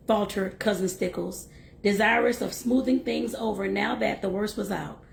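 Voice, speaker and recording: A woman reading a novel aloud and breaking off for lively, chatty asides to her listeners. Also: mid-range voice, normal speed, vocal fry. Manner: lively, laughs and talks to listeners directly. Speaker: host and reader.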